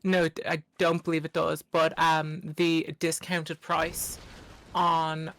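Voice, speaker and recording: Man, high voice, bright tone, live game commentary, analytical, bantering. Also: completely flat delivery, slow. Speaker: co-caster.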